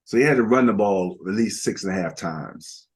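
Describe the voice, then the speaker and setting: An older man with a low voice co-hosts a laid-back football show. He rambles through statistics, leaning on fillers and restarts as he thinks out loud. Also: animated, brisk, breathy edge. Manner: rambling, many fillers, reads out stats. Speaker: podcast co-host. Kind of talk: casual sports talk.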